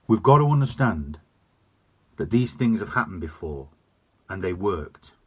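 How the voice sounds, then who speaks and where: A man's voice: low voice, very animated, measured pace, breathy edge. A man delivering a sweary, emphatic opinion rant to camera. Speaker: vlogger.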